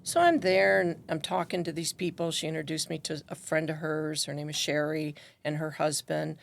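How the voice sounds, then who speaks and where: A middle-aged woman telling a personal story in conversation, animated and acting out what others said. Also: sits low, moderate pace, vocal fry. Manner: animated, acts out quoted voices. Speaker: guest.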